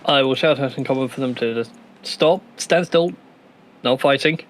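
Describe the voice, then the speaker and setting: A man's voice: medium pitch, moderate pace. A man playing a tabletop game, easygoing, polite and chatty. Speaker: player. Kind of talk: casual tabletop play.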